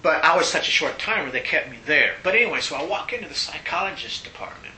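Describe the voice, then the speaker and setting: An older man being interviewed, telling stories in a casual, animated way and laughing often. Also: fast talker. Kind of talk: casual storytelling. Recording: roomy echo, faint rumble.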